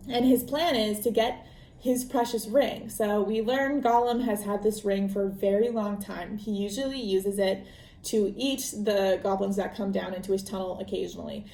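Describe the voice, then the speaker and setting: Woman podcast host, mellow mid-pitched voice, chatty rambling story recap, echoey room. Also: steady tone, moderate pace, slight background noise. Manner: chatty, rambling retelling with fillers. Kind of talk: casual book recap. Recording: roomy echo.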